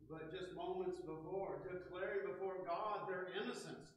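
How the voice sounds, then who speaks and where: Middle-aged man, Sunday school teacher, earnest storyteller, slightly high voice, very echoey church room. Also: moderate pace, few pauses, distant mic. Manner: earnest storytelling, swings from loud emphasis to hushed. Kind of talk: church Bible class lesson. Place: church classroom.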